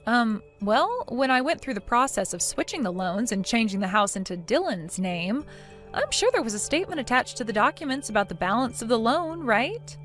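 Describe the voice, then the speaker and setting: A woman voicing a defiant daughter-in-law in a text-message story, sarcastic and mocking, with soft music behind. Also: a little high, sing-song, moderate pace. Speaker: narrator of the story.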